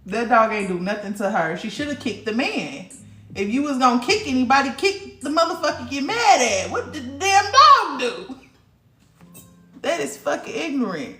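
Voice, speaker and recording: A woman's voice: sits high, big pitch swings, moderate pace, sharp tone, roomy sound, faint music behind. A woman hosting a casual livestream, talking bluntly and profanely straight to her viewers in the chat. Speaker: livestream host.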